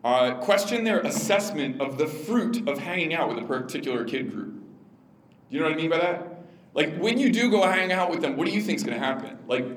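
A man's voice: a little high, brisk, a little hiss or hum. Man giving a casual church talk in a roomy hall. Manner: conversational, many fillers, animated quoted asides. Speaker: parenting speaker to a church audience. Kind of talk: informal church teaching talk. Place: room with an audience.

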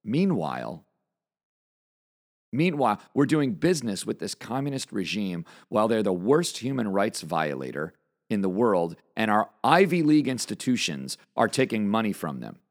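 A man's voice: fairly low pitch, big pitch swings. Man, political show host, emphatic and indignant, voice swinging up and down, hits single words hard. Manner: says he is talking fast and fired up. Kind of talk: opinion monologue reading news aloud.

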